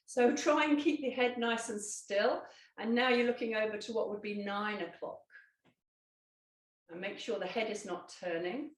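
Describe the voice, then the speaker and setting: Woman instructor, soft and calm, recorded off-mic in a room with some echo. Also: mid-range voice, moderate pace, far from the mic. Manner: calm, gentle guiding with fillers and self-corrections. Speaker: Pilates instructor. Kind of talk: guided exercise instruction.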